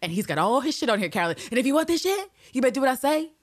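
A woman co-hosting a casual show recap, animated and profane, acting out the characters as she retells scenes. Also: sits high, rapid-fire, dry recording, studio quality. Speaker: podcast co-host.

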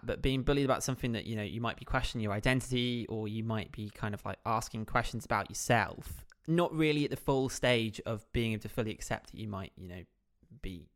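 Animated podcast co-host, man. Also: lowish voice. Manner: animated, teasing, laughs readily. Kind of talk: casual chat.

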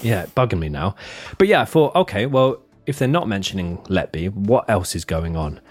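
Very deep-voiced male podcast host. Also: normal speed, husky, soft background music. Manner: reads reviews in a lively, jokey voice. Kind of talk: casual chat, reading reviews aloud.

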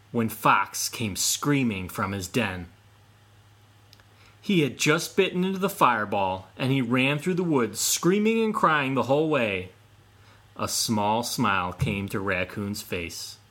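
A man reading folk tales aloud at an unhurried pace, his voice rising and falling a great deal. The tone is somewhat husky. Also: mid-range voice. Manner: slow, expressive storytelling. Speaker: storyteller. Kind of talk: scripted folk tale narration.

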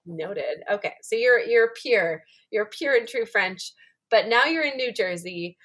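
A woman's voice: fairly high pitch, lively intonation, unhurried, a bit bright. A woman from Canada hosting a podcast interview, friendly and reassuring, laughing easily while chatting. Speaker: podcast host. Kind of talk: casual interview.

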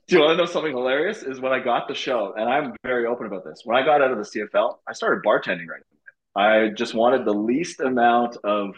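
A young man from Canada telling casual stories as a podcast guest, animated and swearing freely, acting out what people said. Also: medium pitch, fast, lo-fi sound. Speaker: podcast guest, former reality show lead. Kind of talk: casual storytelling.

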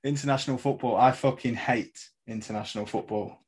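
Sweary young podcast host, laid-back. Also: male voice, medium pitch, fairly even intonation, a little fast, breathy edge. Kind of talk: casual chat.

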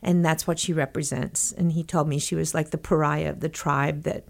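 A middle-aged woman from Texas tells a long story as an interview guest, her voice sitting on the low side. She talks in animated, tumbling bursts and slips into the voices of the people she quotes. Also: normal speed, gravelly. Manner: animated, breathless anecdote-telling with quoted dialogue. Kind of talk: conversational storytelling.

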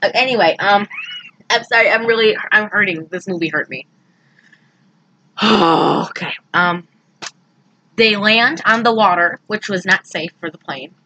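A woman chatting casually about a movie, animated and quick to act out characters' lines in high, loud voices. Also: rough recording. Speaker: podcast co-host recapping a movie. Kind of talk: casual chat.

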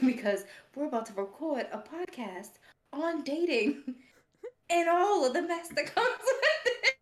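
Sassy, animated woman with a higher voice. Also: roomy sound. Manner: animated, sassy, laughs often. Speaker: podcast co-host. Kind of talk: casual storytelling chat.

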